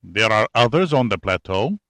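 A man voicing an old Icelandic farmer with a heavy Nordic accent who speaks slowly and plainly. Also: on the low side, big pitch swings, a bit bright, no echo, clean studio sound. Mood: calm.

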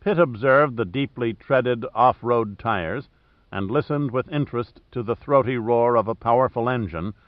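A man reading an audiobook in steady, scripted narration. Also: mid-range voice, no room sound. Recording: dry, slightly dull audio.

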